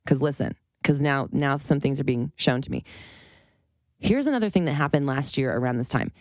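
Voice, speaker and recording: A woman's voice: extremely low pitch, lively intonation, moderate pace, darkish tone, no echo, clean studio sound. A woman around forty gives an unscripted motivational monologue as a life coach, emphatic and profane, often breaking into laughter.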